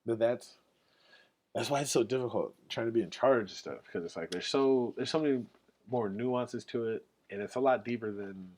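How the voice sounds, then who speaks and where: A man's voice: medium pitch, moderate pace, darkish tone. A man hosting his own podcast alone, talking casually in a loose, rambling and profane way with lots of "like" fillers. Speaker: podcast host. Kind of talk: casual solo podcast talk.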